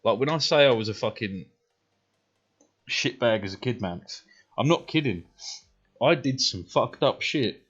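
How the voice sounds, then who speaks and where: This British man in his thirties streams games while telling rambling, swear-heavy stories from his life, repeatedly checking in with "right?" His mid-range voice is fairly bright with lively intonation, a measured pace, and long pauses, over dull audio with faint music.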